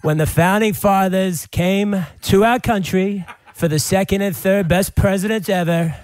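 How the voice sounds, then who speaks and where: A man's voice: high voice, fairly even intonation, unhurried, a little mellow, dry recording. A man doing a comic impression of a brash older American male president, speaking in a boastful, repetitive rally cadence.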